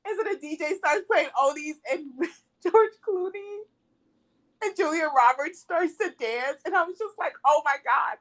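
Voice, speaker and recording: Her voice sits high and sounds a bit bright as she co-hosts a laid-back movie review podcast. She retells scenes with animation, performs the quotes and frequently breaks into laughter.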